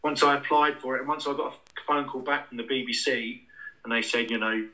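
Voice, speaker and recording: A man with a very bright, sharp and forceful voice, recounting his experiences at length as an interview guest. He rambles along casually, circling back and restarting his sentences as the story unfolds. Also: medium pitch, little pitch movement, a little fast, rough recording. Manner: rambling anecdotal, many restarts and fillers.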